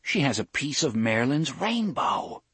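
A man's voice: mid-range voice, sing-song, measured pace, fairly bright tone, husky, dry recording, voice pushed up, heavily acted. A man voicing a brash, irreverent young man. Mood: wondering.

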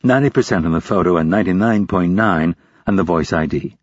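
A composed young female intelligence officer, as a male narrator puts her on. She speaks coolly and precisely, with a low, husky tone. The recording is dull and dry. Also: fast talker, dry recording. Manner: cool, probing, businesslike.

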